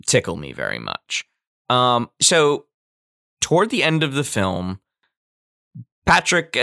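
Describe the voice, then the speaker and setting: A man's voice: lowish voice, pushed and bright, no echo, studio quality. A man casually analyzing a film, loose and filler-heavy, often acting out the characters he quotes. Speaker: film commentator.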